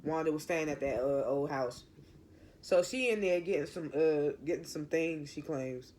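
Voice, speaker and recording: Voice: medium pitch, normal speed, a little mellow. A TV show reviewer giving a casual recap in an opinionated, rambling way, often correcting themself mid-sentence.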